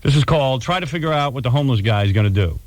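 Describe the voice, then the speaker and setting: A man's voice: medium pitch, animated, darkish tone. A man hosting a radio show, brash and taking calls while running a game. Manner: brash, fast-talking game runner. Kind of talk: shock radio banter.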